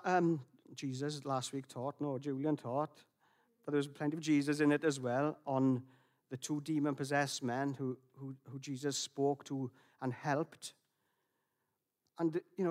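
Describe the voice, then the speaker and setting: A man gives a sermon in a fairly high voice. He talks in a gentle, reflective way, often restarting his phrases and pausing on fillers. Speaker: preacher.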